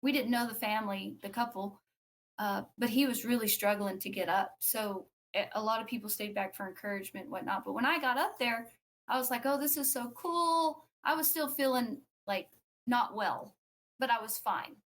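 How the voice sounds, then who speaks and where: A woman's voice: medium pitch, moderate pace. Woman telling a story on a podcast. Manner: animated, acts out quoted speech; frequent fillers and restarts. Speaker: podcast guest. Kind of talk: conversational storytelling.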